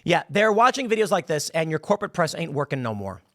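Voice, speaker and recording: Homme, animateur de commentaire politique, voix aiguë et vive, ton sarcastique et combatif, son sec de studio. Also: male voice, a little high, big pitch swings, fast talker, dry recording.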